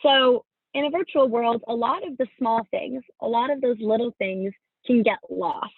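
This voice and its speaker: A woman's voice: a little high, moderate pace, breathy edge, dry recording. Woman from California on a tinny call. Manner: upbeat, instructive, many fillers. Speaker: career fair presenter. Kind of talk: virtual workshop presentation. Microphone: video call. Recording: dry tinny video-call audio.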